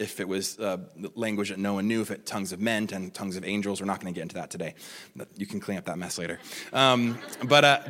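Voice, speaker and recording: A man preaching a sermon in a church, animated and conversational, with many restarts and asides. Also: on the low side. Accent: Australian. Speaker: pastor. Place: church auditorium. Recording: long reverb of a church hall.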